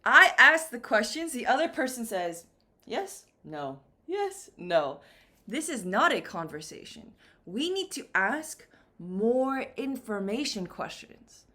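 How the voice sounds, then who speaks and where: Slow, lively-voiced woman teaching beginners. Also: on the high side. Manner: slow, clear, exaggerated intonation for learners. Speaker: English teacher. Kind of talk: slow beginner ESL lesson.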